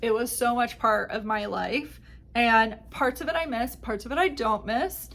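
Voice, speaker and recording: Bright-voiced woman chatting on a podcast. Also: fairly high pitch, moderate pace. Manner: chatty storytelling, acts out quoted exchanges. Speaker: podcast host. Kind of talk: casual chat.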